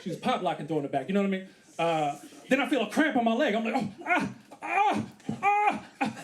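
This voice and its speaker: A man in his thirties performing a stand-up comedy set on a theater stage, acting out scenes with put-on voices and loud exclamations. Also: sits high, sing-song, very fast. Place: comedy theater stage before a live audience. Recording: live crowd laughter behind.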